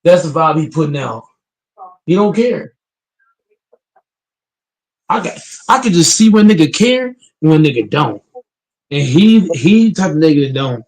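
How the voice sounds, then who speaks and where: A man hosting a sports talk panel in a slightly higher-than-usual voice. He talks in loose, emphatic bursts, swears freely, and doubles up words as he restarts a thought. The delivery is casual and argumentative. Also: animated, unhurried, pauses often, darkish tone, rough recording. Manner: emphatic, profane, repeats words when restarting.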